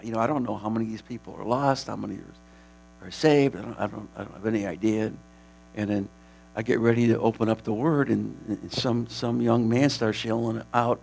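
Gravelly man telling a mission story. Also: lowish voice, fairly quick. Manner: animated, laughing, rambling with restarts. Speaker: missionary preacher. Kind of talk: casual storytelling testimony.

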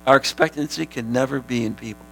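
A man preaching a sermon as pastor, animated, sometimes shouting, and laughing with his congregation. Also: mid-range voice, fast talker, gravelly, a little hiss or hum, poor audio.

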